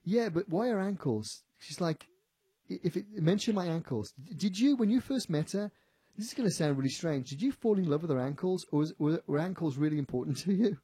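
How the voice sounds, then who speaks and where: A man working as a psychic medium on the radio, animated, often repeating himself and quoting what a spirit tells him. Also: fairly high pitch, brisk, husky, dry recording. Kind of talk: on-air psychic reading. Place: radio studio.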